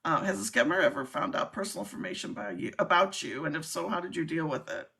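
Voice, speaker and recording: A woman's voice: low-pitched, quick pace, creaky, pushed and bright. A woman hosting a casual livestream chat, talking in a chatty way and laughing easily. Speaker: livestream host.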